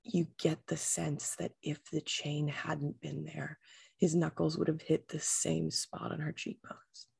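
Brief: tabletop player, very gravelly and raspy, slow, halting narration. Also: mid-range voice, flat delivery, darkish tone. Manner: halting, restarts mid-sentence. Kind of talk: describing a character's actions in a tabletop game.

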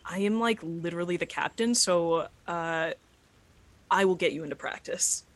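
A woman's voice: fairly low pitch, moderate pace, lightly acted. A woman voicing a chatty, upbeat teenage girl who captains a sports team. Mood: confident. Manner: chatty, upbeat, filler-heavy.

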